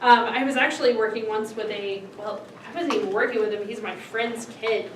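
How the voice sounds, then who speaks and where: A woman with a fairly high voice tells stories to a class, acting out other people's voices as she goes. She sounds a little far from the mic, and the room adds echo and faint background hum. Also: a little fast. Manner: animated storytelling that acts out other people's voices. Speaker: speaker on autism and families. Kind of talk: storytelling lecture. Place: lecture room.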